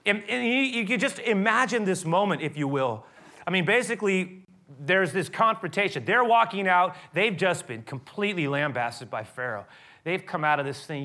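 Man, pastor, sermon, bright forceful voice, animated storytelling. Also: sits high, normal speed. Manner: animated storytelling, acting out scripture.

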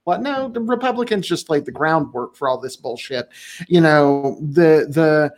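Co-hosting a casual political podcast, a man with a slightly high, animated voice speaks at a moderate pace. He's blunt and emphatic, swears frequently, and laughs often.

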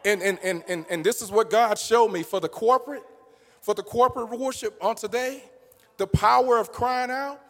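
A man preaching a sermon in a church, talking through it conversationally and then building up to passionate shouting. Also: high-pitched, moderate pace, long reverb tail. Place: church sanctuary.

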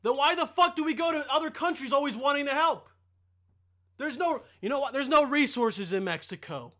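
A man's voice: very high-pitched, expressive, brisk, sharp tone. A young man ranting in a casual monologue, profane and rambling, often sidetracked.

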